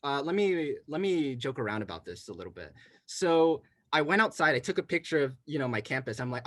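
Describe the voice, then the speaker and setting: A man's voice: mid-range voice, big pitch swings, brisk, a bit bright, no echo. A young man from New York City telling a rambling campus story in casual chat, with many restarts and "right?" tags. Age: young adult. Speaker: college student telling a story.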